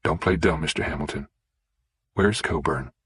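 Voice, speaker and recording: A man's voice: rumbling low, moderate pace, fairly bright tone, breathy edge, no room sound, clean studio sound, full character voice. A man voicing a determined young mother who talks bluntly and insistently. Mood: confrontational.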